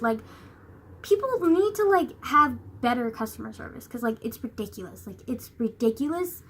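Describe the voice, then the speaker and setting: With a high, sharp-toned voice, a young woman chats animatedly at a normal speed in a casual vlog. She rambles, leans heavily on "like" and other fillers, and swears a lot, with some faint noise in the background.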